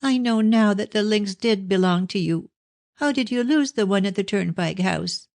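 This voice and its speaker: A man's voice: high voice, moderate pace, creaky, no room sound, pitched above the performer's own voice. A frightened young daughter, tearful and pleading, her voice lifted well above her reader's own, as a man voices her. She sounds close and dry, like a storybook recording. She sounds breathless with worry. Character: anxious tearful young woman, a devoted daughter. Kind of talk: audiobook character reading.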